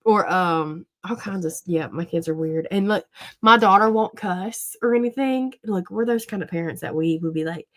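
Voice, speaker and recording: A woman's voice: lowish voice, moderate pace, a bit bright. A woman in her thirties, a podcast co-host, chatting casually and telling long rambling stories about her kids, with plenty of swearing. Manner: rambling, profane storytelling. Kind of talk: casual chat.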